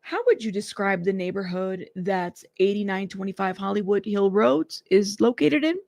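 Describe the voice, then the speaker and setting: A woman's voice: medium pitch, normal speed, creaky, darkish tone, dry recording, close to an everyday voice. A woman reading out a prosecutor's careful, methodical questions to a witness in court. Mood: questioning.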